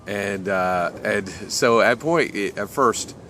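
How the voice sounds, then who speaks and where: A man with a very low voice narrates a story off the cuff, stopping and restarting often and filling gaps with ums and you-knows. A faint hiss of noise sits under the recording. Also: slow, a bit bright. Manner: rambling, many fillers and restarts. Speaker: author telling his story.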